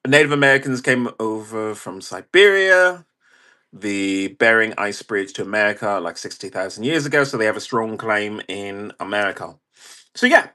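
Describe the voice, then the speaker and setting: A man's voice: lowish voice, moderate pace, bright, forceful tone. A man hosting a livestream in a casual, wry manner, chatting and reacting to viewer comments. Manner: chatty, wry, reads chat aloud and laughs. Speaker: livestream host.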